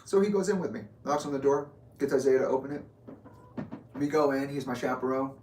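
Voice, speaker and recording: A man telling a story in casual talk, animated and profane, acting out what others said, recorded in an echoey room with the mic far off. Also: mid-range voice, brisk. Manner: profane, animated, acts out quoted speech. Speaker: guest storyteller.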